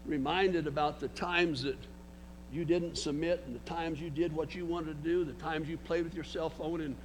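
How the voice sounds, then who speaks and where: A man's voice: sits high, a bit bright, slight background noise. An older man preaching a sermon, emphatic, with frequent restarts and words spelled out for emphasis.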